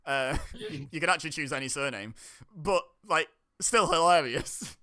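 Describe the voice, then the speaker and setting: Bright, clear-voiced chatty British man. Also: fairly high pitch, unhurried. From United Kingdom. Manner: chatty, laughs often, rambling restarts. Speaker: host. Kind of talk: casual chat over a video call.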